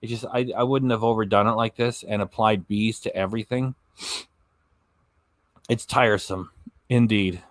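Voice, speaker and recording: A man's voice: fairly low pitch, steady tone, moderate pace, long pauses, dry recording. Blunt, sarcastic man reacting to clips. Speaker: reaction channel host. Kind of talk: casual commentary over clips.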